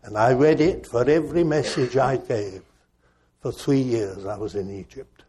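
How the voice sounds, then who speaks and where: An older man, a preacher, telling a personal story in a reflective, gently self-mocking way. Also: medium pitch, normal speed, breathy edge. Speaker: preacher and former missionary.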